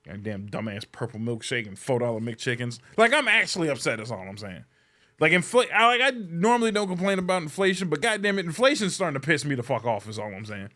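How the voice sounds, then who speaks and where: A man's voice: a little high, fast talker. A man hosting a podcast, ranting in a casual, comedic way. He swears freely and sounds exasperated. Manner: profane, exasperated, animated complaining. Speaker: podcast host.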